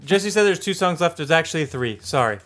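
A man's voice: on the high side, expressive, fairly quick, fairly bright tone. A man co-hosting a music podcast, chatting casually and chiming in with short agreements. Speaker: podcast co-host.

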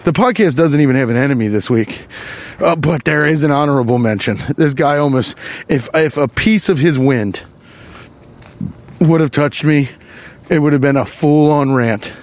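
A man's voice: on the high side, normal speed. A man hosting a podcast, delivering a profane, exasperated comic rant while walking along a wooded trail. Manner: animated, profane, exasperated ranting. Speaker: podcast host.

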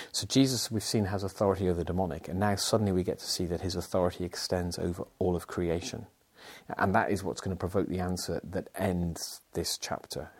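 A man's voice: low voice, a little mellow, husky. A man, a pastor, giving an earnest, explanatory Bible teaching with frequent fillers and restarts. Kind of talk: sermon-style Bible teaching.

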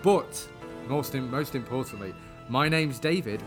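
A man's voice: medium pitch, lively intonation, a little slow, hardly any pauses. British podcast host, casual, rambly, restarts his sentences, light music bed underneath. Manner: rambling, self-correcting, joking.

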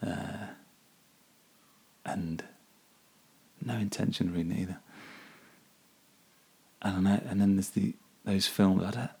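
Gravelly low-voiced man musing. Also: steady tone, slow pace, long pauses, mellow. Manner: rambling, self-deprecating, often laughing at himself. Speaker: podcast host. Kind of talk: casual solo musing.

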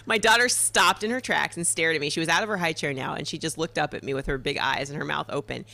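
Lively woman telling a story. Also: low voice, quick pace, gravelly, few pauses, a little hiss or hum. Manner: animated, laughing storyteller. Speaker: podcast guest. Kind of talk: casual storytelling chat.

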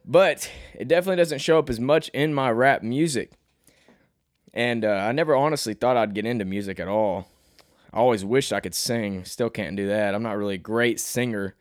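A man's voice: moderate pace, no echo, clean studio sound. A young man from Arkansas with a slight Southern twang, hosting his own podcast in a rambling, self-deprecating monologue. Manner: rambling, self-deprecating, restarts often, rises in pitch when animated. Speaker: podcast host and rapper.

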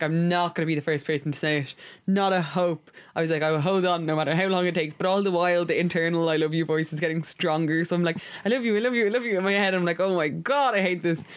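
A woman co-hosting a podcast, telling stories in a casual, animated way and swearing freely. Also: fairly low pitch. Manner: animated storytelling, swears freely, acts out her inner voice. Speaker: podcast co-host. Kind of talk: casual chat.

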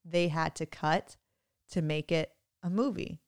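Casual mom talking on a podcast, smooth clear voice, lively, lots of laughing. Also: female voice, low voice, a little slow. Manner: chatty, animated, laughs often. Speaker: podcast co-host, mother. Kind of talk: casual chat.

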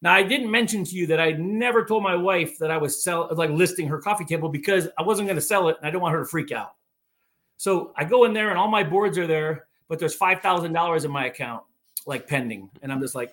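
A man's voice: on the high side, brisk, a bit bright. A man with a voice sitting a little above the usual male range, spinning a story for a podcast host. He talks casually and animatedly, leaning on filler words and acting out what people said. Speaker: podcast guest, woodworker.

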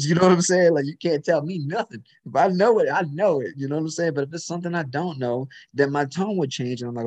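A man's voice: fairly high pitch, fast talker, hardly any pauses, darkish tone. A man in a casual chat, talking emphatically and telling a story about work. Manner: emphatic, storytelling, frequent "you know what I'm saying".

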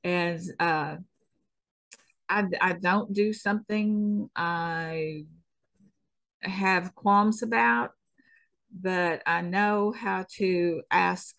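In a casual interview chat, a middle-aged stunt woman with a Southern US accent talks as a guest in a lowish, creaky, fairly bright voice. She takes her time, keeps things folksy and easygoing, and chuckles a lot.

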